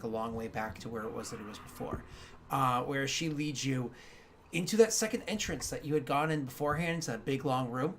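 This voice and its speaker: A man's voice: mid-range voice, a little hiss or hum. A man narrating as game master, rambling with many fillers and restarts.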